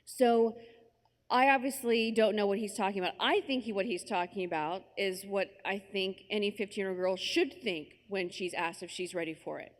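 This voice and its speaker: A woman's voice: medium pitch, moderate pace. A woman from the United States telling a personal story to a conference audience, chatty and conversational with many asides. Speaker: conference speaker. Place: large conference hall. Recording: long hall reverb.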